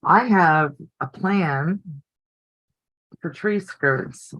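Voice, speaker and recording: A woman's voice: low voice, drawn-out words, a bit bright, no room sound, lo-fi sound. An older woman hosting a casual live stream from her home craft room, chatty and easily delighted. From United States. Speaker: quilting channel host.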